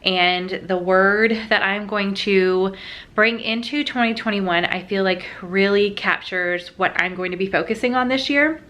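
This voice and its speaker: Bright-voiced emotional woman vlogger. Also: mid-range voice. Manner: emotional, heartfelt, halting. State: tearful. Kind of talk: sit-down chat.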